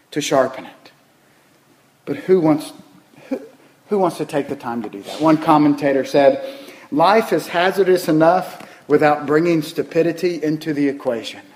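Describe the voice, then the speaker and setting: A man's voice: a little high, a little mellow, roomy sound, rough recording. A man preaching a sermon, telling folksy stories and asking the congregation rhetorical questions. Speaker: pastor.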